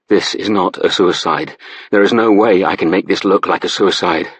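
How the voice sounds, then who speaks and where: A man's voice: sits low, normal speed, husky, no room sound. A man narrating a first-person psychological thriller, voicing a panicked husband who curses as he speaks. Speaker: audiobook narrator.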